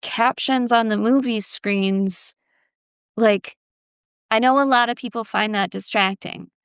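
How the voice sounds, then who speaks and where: Young woman with a gravelly, smooth voice. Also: fairly high pitch, no room sound, clean studio sound. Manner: earnest, filler-heavy, with halting phrasing. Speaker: host. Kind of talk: casual conversation.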